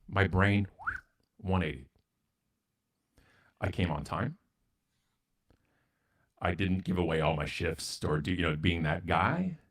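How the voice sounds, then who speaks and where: A man's voice: low voice, breathy edge. A man from Canada, a guest speaker, telling a story in an interview in a blunt, self-mocking way and acting out both sides of the dialogue.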